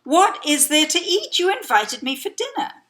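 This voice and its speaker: A woman voicing a greedy, boastful male cat who brags and threatens in drawn-out words. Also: very high-pitched, very animated, a bit bright, voice pushed up, exaggerated voice.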